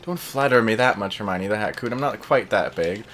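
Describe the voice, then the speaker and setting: A man's voice: lowish voice, a little fast, a bit bright, soft background music, lightly acted. A man doing a smug, lecherous talking magic hat. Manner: sleazy, smug and confident.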